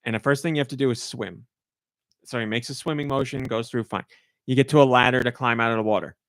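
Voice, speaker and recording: A man's voice: mid-range voice, steady tone, quick pace, fairly bright tone, no echo, studio quality. A man hosting a casual podcast, telling a family story animatedly and acting out quotes in a raised voice. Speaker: podcast host.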